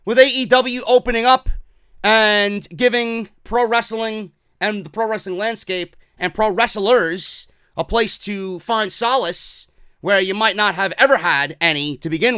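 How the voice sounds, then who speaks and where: A man's voice: high-pitched, a little slow, bright, forceful tone, clean tone, no room sound. A man with a New York accent hosting a wrestling talk show, giving blunt, profane, emphatic opinions in casual commentary.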